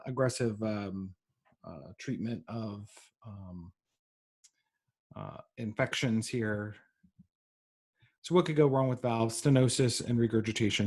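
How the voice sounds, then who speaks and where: A man giving a recorded medical lecture, pausing often with ums and uhs. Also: on the low side. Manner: halting, frequent ums and uhs.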